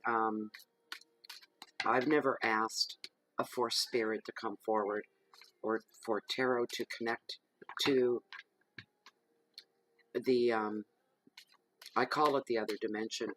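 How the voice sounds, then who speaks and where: A man with a lowish voice chats to camera at home while laying out tarot cards. His talk rambles loosely, and he drops into hushed, murmured invocations. The sound comes through the camera's own mic. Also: a little hiss or hum, rough recording. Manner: chatty and rambling, drifting into soft murmured invocations. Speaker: tarot reader. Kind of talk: casual chat to camera during a tarot reading. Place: at home in the evening. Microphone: camera microphone.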